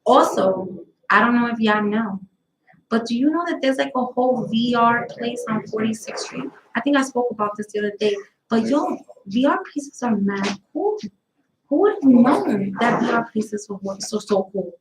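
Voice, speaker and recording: A woman's voice: fairly high pitch, animated, moderate pace, echoey room, noisy background. Blunt, profane New woman. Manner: blunt, profane, rambling storytelling. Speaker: host of a live talk stream. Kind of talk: casual chat.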